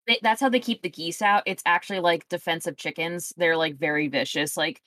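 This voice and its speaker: A woman's voice: on the low side, fairly even intonation, brisk, fairly bright tone, no echo. A woman running a tabletop role-playing session, chatting casually and rambling with plenty of fillers. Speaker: game master. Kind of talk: casual tabletop game chat.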